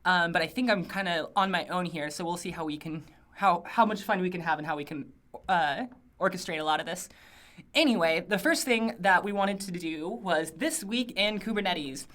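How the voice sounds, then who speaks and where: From a small office studio, a woman hosts a casual livestream, reading out viewer greetings in a chatty, upbeat manner full of rambling asides and fillers. Her voice is lowish and a bit bright, at a normal speed.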